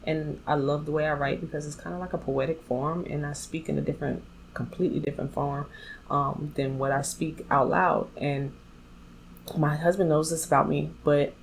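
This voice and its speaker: A woman's voice: deep voice, steady tone, moderate pace, vocal fry, slight background noise, poor audio. A woman vlogger telling a personal story in a candid, blunt way, speaking straight to her viewers. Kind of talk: storytime vlog.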